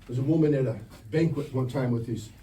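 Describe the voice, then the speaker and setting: Heard through a distant mic with faint ambient noise, a man with a warm, mid-range voice preaches fast to teenagers at a church camp meeting. His youth-camp sermon is direct and jokey, and he keeps firing questions at the crowd.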